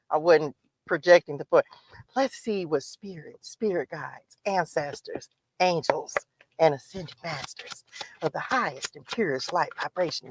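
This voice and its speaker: A woman's voice: sits low, slight background noise, voice pushed down, low-quality recording. A woman imitating her timid younger self. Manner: quiet, hesitant, not projecting. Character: timid, unsure younger self of a female tarot reader. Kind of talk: imitating an old tarot video.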